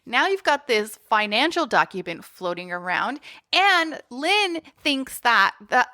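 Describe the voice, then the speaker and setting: A woman co-hosting a podcast, recapping a film in casual, animated, exasperated chat. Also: a little high, unhurried, no room sound, studio quality. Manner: animated, exasperated storytelling with frequent laughs. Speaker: podcast co-host.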